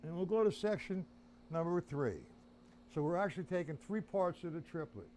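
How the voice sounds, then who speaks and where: A man's voice: on the high side, expressive, normal speed, a little mellow, slight background noise. A man teaching drums on a live stream, counting beats aloud while he plays and chatting to viewers. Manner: chatty, addresses viewers as guys. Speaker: drum teacher. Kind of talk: live-streamed drum lesson.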